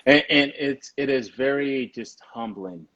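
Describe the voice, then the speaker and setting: A man hosting a relaxed conversation, telling stories with animation and laughing easily. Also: medium pitch, unhurried, muffled recording. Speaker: podcast host. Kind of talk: casual chat.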